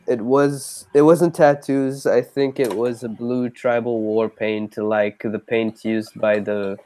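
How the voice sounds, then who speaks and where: A man's voice: medium pitch, dark tone. Hesitant man reading chat comments. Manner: hesitant, reading comments aloud, quick bursts. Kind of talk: casual live stream chat.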